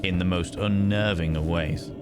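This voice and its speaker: A man's voice: sits low, fairly even intonation, moderate pace, music in the background. A man streaming a horror game, thinking aloud in short muttered remarks as he plays. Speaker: gaming streamer. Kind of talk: live gameplay commentary.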